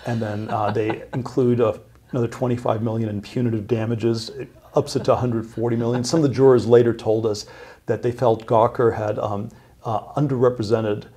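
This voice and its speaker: A middle-aged man telling a long story as an interview guest, halting, with many fillers and restarts. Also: medium pitch, little pitch movement, warm tone, husky.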